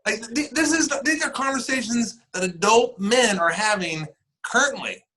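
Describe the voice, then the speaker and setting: This man from the northern United States has an extremely high-pitched voice at normal speed, caught on poor audio. A military servicemember and actor, he's a podcast guest in a casual chat, telling stories animatedly and acting out the quoted exchanges.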